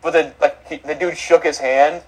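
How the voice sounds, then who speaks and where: A man's voice: fairly high pitch, steady tone, normal speed, husky, rough recording. A man co-hosting a sports podcast, recounting games in a rambling way full of filler words. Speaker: co-host. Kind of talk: casual sports podcast chat.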